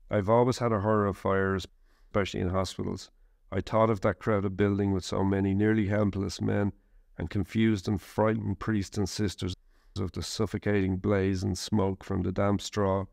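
A man narrating a first-person war memoir in a measured, steady reading. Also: lowish voice, creaky, dry recording, clean studio sound.

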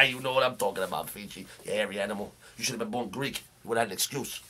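Playing a brash, swaggering Brooklyn tough guy, a man hosts as a comedic character, shouting a profane, boastful rant in a comedic monologue. His voice is fairly low and he talks fast with few pauses, over a little hiss or hum.

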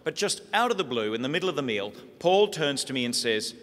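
An Australian priest telling funny family stories in a lively sermon talk. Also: male voice, medium pitch, brisk. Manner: lively comic storytelling. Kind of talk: humorous sermon storytelling. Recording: echoey hall.

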